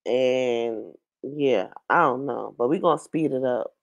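Slow, sassy woman reaction host. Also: extremely low pitch, vocal fry. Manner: sassy, blunt, gossipy. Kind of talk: reaction commentary.

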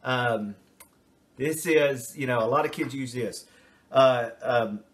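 A man's voice: mid-range voice, slow, a little hiss or hum. An older man, a retired teacher and school administrator, giving casual advice in a rambling way with many fillers as he works through numbered points. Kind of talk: casual advice talk to camera.

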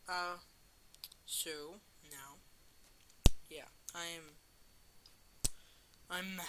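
A man's voice: high voice, very slow, pauses often, a little hiss or hum. A man giving casual commentary while he plays a mobile game, talking trash at other players and crying out in repeated bursts when things go wrong. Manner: playful trash talk, excited repeated cries. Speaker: gamer commentator.

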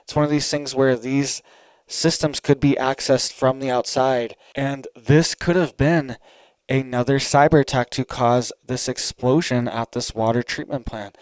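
Man, solo commentary, urgent, emphatic, smooth voice, dry close sound. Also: mid-range voice, no echo, poor audio. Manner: urgent, emphatic, keeps asking "all right?". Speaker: online commentator.

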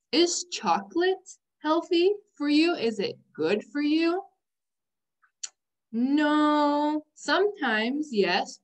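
Slow, careful woman teaching vocabulary. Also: on the high side. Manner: very slow, drawn-out words, repeats each word for the class; stresses sounds one by one. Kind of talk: slow, clear vocabulary lesson for young learners.

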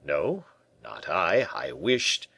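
A man voicing a sly, evasive male bishop in a storybook reading, smooth and guarded. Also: deep voice, wildly swooping pitch, very slow, pushed and bright, dry recording, exaggerated voice.

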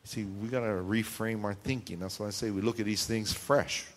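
Animated male preacher in a reverberant church. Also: lowish voice, moderate pace. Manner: animated preaching, acting out shouted voices, rhetorical questions to the congregation. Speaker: pastor. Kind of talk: sermon. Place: church sanctuary. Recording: long hall reverb in a church.

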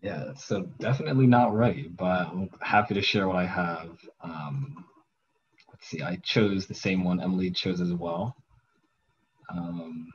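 A man with a very deep voice reads an unfinished poem to a workshop. His voice comes through a dull, lo-fi call line, and his delivery is tentative and hesitant. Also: measured pace. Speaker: workshop participant. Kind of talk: reading his own poem.

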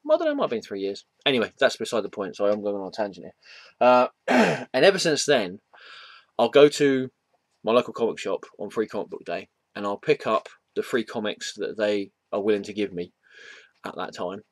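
A man's voice: fairly low pitch, very animated, brisk, no echo. A man chatting casually at home about comics, rambling with many fillers, restarts and self-deprecating asides. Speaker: comic book vlogger. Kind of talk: casual vlog chat. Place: home room.

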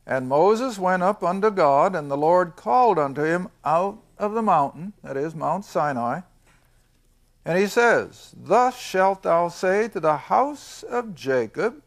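An older man teaching a Bible lesson to a class. He reads verses slowly, asks questions and answers them himself, and stresses his points with emphasis. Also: high voice. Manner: reads scripture slowly, then explains it.

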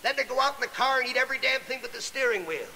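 A man doing a brash stand-up comedy routine with rapid-fire insult jokes. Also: very high voice, expressive, bright, forceful tone, a little hiss or hum, poor audio.

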